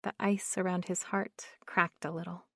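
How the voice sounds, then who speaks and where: A woman narrating an audiobook in a slow, measured reading. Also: fairly low pitch, level tone, creaky, dry recording, clean studio sound.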